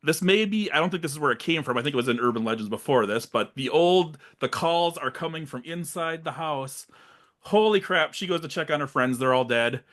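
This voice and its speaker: A man's voice: a little high, expressive, fast, hardly any pauses, fairly bright tone. A man co-hosting a podcast, casually recapping a horror film and acting out its lines in funny voices. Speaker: podcast co-host.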